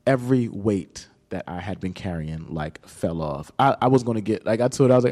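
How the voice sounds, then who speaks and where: A man's voice: fairly low pitch, animated, brisk, few pauses, darkish tone, big-room sound. A man in his thirties, an author and guest in an interview, telling a personal story candidly and emotionally, with casual slang.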